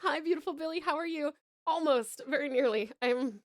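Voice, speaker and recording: Australian woman, live streamer, high bright voice, dry close mic, effusive and casually profane. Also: a little fast, no room sound. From Tasmania, Australia. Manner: gushing, effusive thanks with casual swearing. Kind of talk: live stream chat with viewers.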